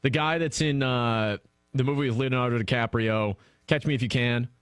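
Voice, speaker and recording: A man's voice: mid-range voice, steady tone, moderate pace, fairly bright tone, clear, resonant tone, no room sound, studio quality. A man co-hosting a sports talk radio show in an easygoing, chatty way. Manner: easygoing, chatty, laughs along. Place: radio studio. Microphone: studio microphone.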